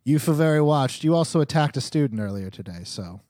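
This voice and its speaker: A man's voice: on the high side, expressive, fast, mellow, dry recording, clean studio sound. A man narrating a tabletop game as game master, teasing his players in a playful way.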